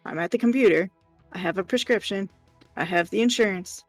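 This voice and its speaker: Exasperated woman with a gravelly edge. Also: medium pitch, fairly quick, no room sound, faint music behind. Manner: exasperated, animated retelling with profanity. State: hiccuping. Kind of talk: casual chat, storytelling.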